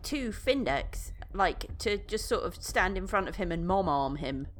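A woman playing in a tabletop game who talks in a lively, slightly hesitant way. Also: lowish voice, a little slow, soft background music. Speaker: player.

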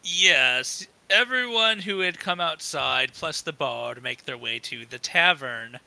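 Gravelly, bright-voiced game master man. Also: a little high, lively intonation, takes it slowly. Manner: easygoing, with hesitant fillers. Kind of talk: narrating a tabletop game.

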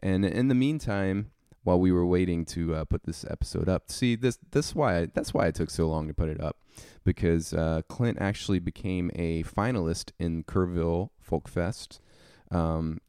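A man's voice: low-pitched, moderate pace, few pauses, mellow, smooth, no echo, studio quality. A man hosting a podcast, chatting casually and rambling, with lots of fillers. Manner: easygoing, rambling with many fillers. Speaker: podcast host.

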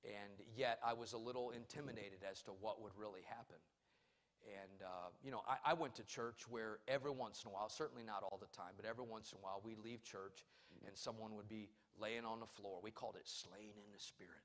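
A male pastor preaching a sermon in church. He swings between loud, emphatic calls and quiet, personal storytelling. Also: lowish voice, fairly even intonation, fairly quick.

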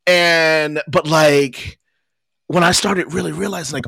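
A man co-hosting a casual podcast, an animated storyteller who talks with lots of fillers. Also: fairly high pitch, unhurried, gravelly, slightly rough, no room sound, clean studio sound. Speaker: podcast co-host. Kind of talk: casual chat.

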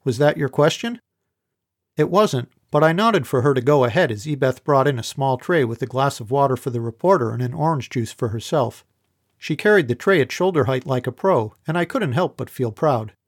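A man narrating a first-person audiobook in a measured, wry delivery. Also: mid-range voice, lively intonation.

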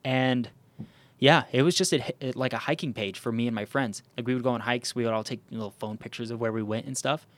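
A man's voice: medium pitch, fairly quick, no echo. Casual rambling man with many fillers. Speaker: podcast host. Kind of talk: casual chat.

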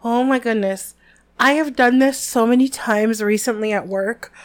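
A woman co-hosting a podcast, chatting casually in an animated, emphatic way and leaning on exaggeration. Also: on the high side, moderate pace. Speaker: podcast co-host. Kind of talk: casual chat between readings.

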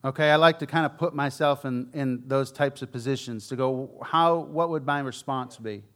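A man preaches at a moderate pace, telling the story candidly and conversationally with frank asides. He swings between loud emphasis and quiet, low remarks.

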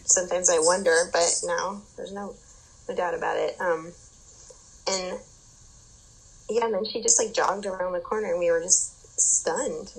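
A young adult woman telling an animated story in casual chat, with lots of fillers and swearing. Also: lowish voice, normal speed, vocal fry, pauses often, a little hiss or hum, rough recording.

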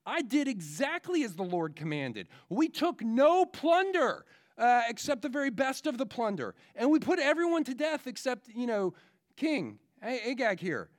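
A man playing a shrill, evasive King Saul. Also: very animated, normal speed, hardly any pauses. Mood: defensive. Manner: protests too much, stammering excuses.

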